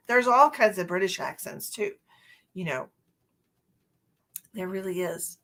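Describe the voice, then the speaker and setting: A woman's voice: medium pitch, very animated, takes it slowly, pauses often, fairly bright tone. A middle-aged woman hosting a live stream as a psychic medium, chatting casually and laughing often.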